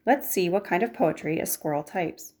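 A woman voicing a strained mother who talks with stiff, flat, robotic politeness. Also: fairly low pitch, moderate pace.

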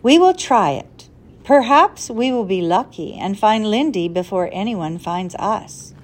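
A woman voicing a kindly, cautious older male professor, speaking in a measured, earnest way. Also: mid-range voice, expressive, slight background noise, lightly acted. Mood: grave.

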